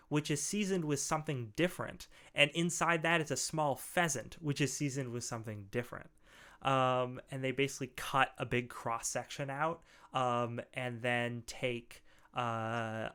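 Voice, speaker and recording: A man's voice: medium pitch, bright, forceful tone, smooth. A man narrating a tabletop game as game master, chatty and laughing often.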